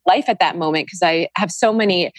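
A woman's voice: fairly low pitch, brisk, dry recording. A young woman guest on a podcast, talking earnestly and reflectively about energy work in casual chat. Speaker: podcast guest, Reiki practitioner.

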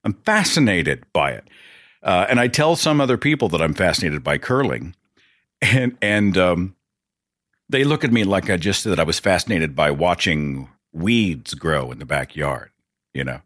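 A man with a deep voice rambles through a casual solo podcast, his pitch swinging up and down as he talks. His delivery is chatty and loose, full of asides. The recording is dry and close, with no room sound. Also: expressive, moderate pace, fairly bright tone, no room sound. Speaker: podcast host.

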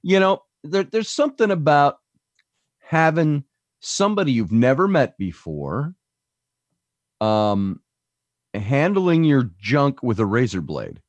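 A man's voice: medium pitch, sing-song, takes it slowly, long pauses, dry recording. Wry storytelling comedy co-host, man. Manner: wry, storytelling, laughs at own jokes. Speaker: podcast co-host. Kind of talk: casual comedic chat.

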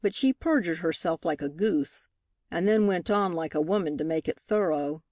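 A woman reads a novel aloud as an audiobook narrator, her storytelling measured and expressive. Her voice is lowish, and the scripted narration comes through clean studio sound with no echo.

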